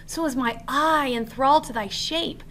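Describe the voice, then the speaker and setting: A woman reading the lines of an enchanted fairy queen in a soft, pleading recitation. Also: high-pitched, normal speed, slight background noise. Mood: enamored.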